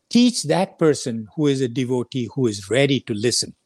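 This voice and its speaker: A man with an ordinary middle-pitched, slightly mellow voice teaches a scripture lesson, conversational and earnest, pausing to repeat his main points. He's expressive and brisk with few pauses, and the sound is dry with no room echo.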